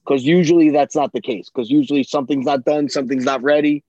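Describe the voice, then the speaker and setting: A man's voice: medium pitch, steady tone, quick pace, a little mellow, dry recording. Blunt, cursing man on a dull dry track. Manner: blunt, profane, ranting. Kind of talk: casual chat.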